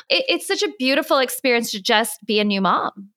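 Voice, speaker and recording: Affirming woman host, slightly high voice. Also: expressive, moderate pace. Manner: warm, affirming, restates the guest's points. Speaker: podcast host. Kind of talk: conversational interview.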